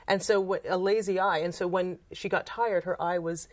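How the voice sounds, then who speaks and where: A woman's voice: on the low side, moderate pace. A woman from Trinidad, a photographer and author, telling anecdotes in an interview and acting out the quoted lines. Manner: animated storyteller, acts out quoted dialogue. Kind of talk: casual interview talk.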